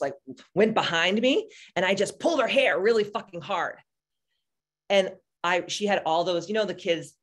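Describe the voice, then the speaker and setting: Forties woman on a live stream, swears a lot, candid storyteller, talks to viewers by name. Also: sits low. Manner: blunt and profane, candid storytelling; animated, answers viewers by name. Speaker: spiritual coach hosting a live stream.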